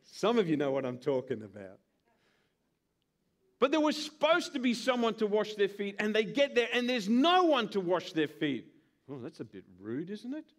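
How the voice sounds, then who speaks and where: A male pastor from Australia preaches a sermon in a high-pitched voice at a moderate pace. He's animated, acting out little scenes with put-on voices.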